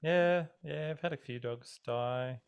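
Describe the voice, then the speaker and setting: A man's voice: on the high side, unhurried, vocal fry, a little hiss or hum. Joking Australian man co-hosting a podcast. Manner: joking, animated storytelling with frequent swearing and laughter. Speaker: podcast co-host. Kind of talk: casual chat.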